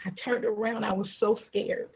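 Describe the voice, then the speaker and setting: A woman telling a personal story slowly and dramatically on a video call. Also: medium pitch, flat delivery, breathy edge. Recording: tinny phone-like audio.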